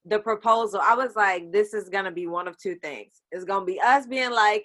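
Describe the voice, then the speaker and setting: Bright animated young woman chatting. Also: mid-range voice, fast, few pauses. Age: young adult. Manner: animated, acts out her own reactions in quotes. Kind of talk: casual TV recap chat.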